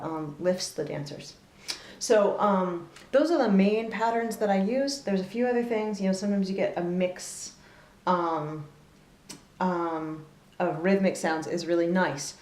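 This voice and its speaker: A woman giving a relaxed spoken fiddle lesson, thoughtful, often pausing with fillers as she explains bowing. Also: fairly low pitch. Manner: thoughtful, with fillers and soft laughs, counting beats aloud. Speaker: fiddle teacher. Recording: roomy echo with loud fiddle playing.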